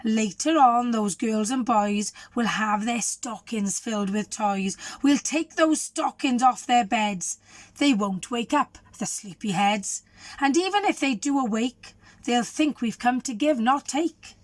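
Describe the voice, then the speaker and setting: A woman's voice: a little high, a little slow, dry recording, close to an everyday voice. A woman reading the part of a cocky male thief who gloats about his plan in a storybook. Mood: gloating.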